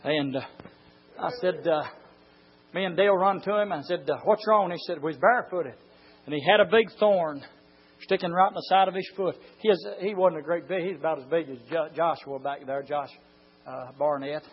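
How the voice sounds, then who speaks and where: A pastor with a drawl delivers a fiery sermon in a husky, raised voice. He drops low, then stretches his words into long shouts. The recording sounds dull and lo-fi. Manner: swings from low talk to drawn-out shouting.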